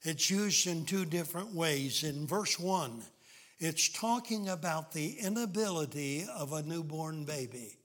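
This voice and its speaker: Male preacher, middle-aged, unhurried delivery; folksy sermon with scripture readings. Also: fairly high pitch, fairly bright tone. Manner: folksy storytelling preacher, reads scripture in old-style wording.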